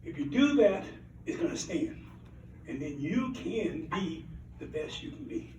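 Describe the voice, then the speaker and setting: An older man from Alabama speaks. He gives a rambling, earnest acceptance speech in a high voice and repeats key lines for emphasis. The voice is picked up from some way off in an echoey hall with a faint hiss. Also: very animated, a little slow. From Alabama, USA. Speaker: award recipient giving acceptance speech. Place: banquet hall at an awards event. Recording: roomy hall, mic at a distance.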